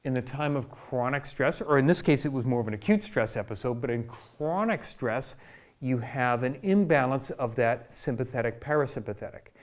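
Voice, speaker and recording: A man's voice: medium pitch, animated, normal speed. A man who works as a chiropractor, explaining a health topic to camera from his office in a conversational way, checking in with "right?" and "okay?". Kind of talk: educational health talk to camera.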